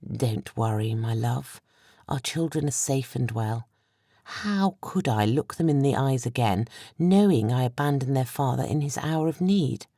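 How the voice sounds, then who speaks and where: A woman narrator voicing a gentle, devoted queen who speaks in a soft, hushed, tender voice. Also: rumbling low, a little slow, no room sound, clean studio sound, heavily acted.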